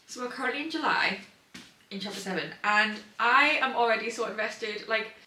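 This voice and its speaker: A young woman chats about her reading in a casual vlog, gushing and excitable and full of fillers. Her voice is bright and forceful. She sits back from the mic in a roomy, echoey room. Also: fairly high pitch, normal speed, a little hiss or hum. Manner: chatty and gushing, many fillers, excitable outbursts. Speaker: book vlogger. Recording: roomy sound from a distant mic.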